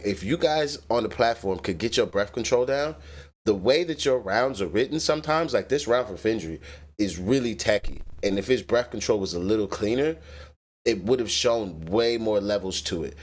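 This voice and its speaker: A man with a fairly low voice talks through rap verses in a relaxed, analytical way. His speech is loose and full of fillers as he reacts from his own setup. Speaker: reaction host. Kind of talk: casual commentary.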